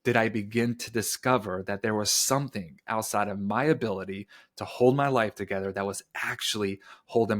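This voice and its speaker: A man in his thirties, a podcast guest, telling a personal story in an earnest, animated way with casual fillers. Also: on the low side.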